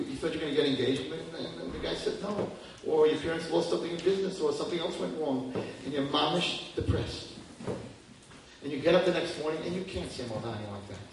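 Animated man preaching in an echoey hall. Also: fairly high pitch, recorded from a distance, a little hiss or hum. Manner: animated, swinging from hushed to near-shouting. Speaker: religious teacher. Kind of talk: lively religious talk to an audience.

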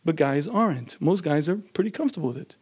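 A man lecturing on marriage who often clears his throat and acts out the people in his stories. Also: fairly high pitch, expressive, quick pace, a little mellow. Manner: frequent throat-clearing, acts out quoted voices. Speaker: marriage teacher.

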